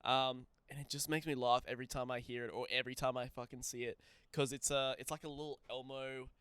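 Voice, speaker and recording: A young man chatting on a podcast, reacting quickly with laughs and swearing. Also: medium pitch, flat delivery, a bit bright, clean tone, no room sound. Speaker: podcast co-host. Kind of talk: casual chat.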